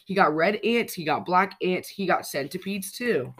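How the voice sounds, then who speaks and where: Lively children's storyteller, mid pitch. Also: normal speed, breathy edge. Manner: lively, expressive read-aloud. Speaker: podcast storyteller. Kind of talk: reading a children's picture book aloud.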